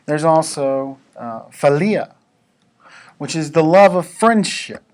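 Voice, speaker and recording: A man giving a devotional talk to students, relaxed and conversational, with casual asides to the listeners. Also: a little high, slow.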